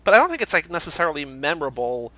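A man hosting a casual movie podcast, running through award categories with quick, animated delivery. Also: on the high side, no echo. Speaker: podcast host.

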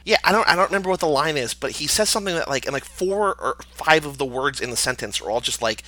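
A man's voice: on the high side, fast, low-quality recording. A man co-hosting a casual podcast chat, rambling with lots of filler words. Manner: rambling, many "like" fillers, animated. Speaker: podcast co-host.

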